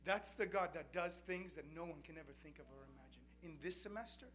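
A man's voice: a little high, quick pace. A young adult man preaching a sermon, telling testimonies in an earnest storytelling way. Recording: noisy recording with steady background noise.

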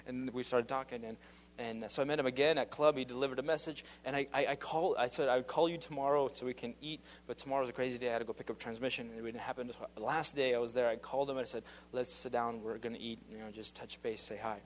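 A man's voice: mid-range voice, steady tone, fast, slight background noise. A man giving a casual, earnest spoken testimony as a youth minister, rambling with many fillers and restarts.

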